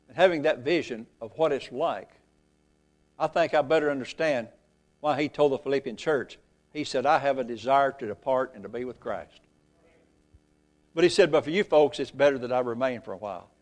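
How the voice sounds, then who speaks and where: A man preaching a sermon, reading scripture aloud, rising loud and slow for emphasis, then falling very low and soft. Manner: reads scripture in old-fashioned phrasing.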